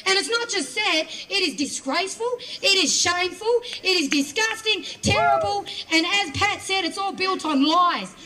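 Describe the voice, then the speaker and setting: A woman's voice: very high-pitched, sing-song, moderate pace, few pauses. An Australian woman from Western Australia giving an impassioned, confrontational protest speech at an outdoor rally. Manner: forceful, confrontational, repetitive emphasis. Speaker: rally speaker. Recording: crowd noise around a rally. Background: crowd.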